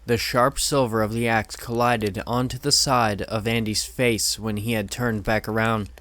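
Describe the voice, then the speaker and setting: A man reading horror stories aloud in measured, steady scripted narration. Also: fairly low pitch, dry recording.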